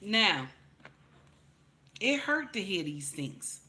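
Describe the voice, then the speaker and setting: Her voice sits in the mid-range with big swings in pitch, and she talks very slowly. As a commentary channel host, she preaches blunt, profane opinions at the camera, often addressing viewers as "baby" and repeating points until they turn into loud outbursts.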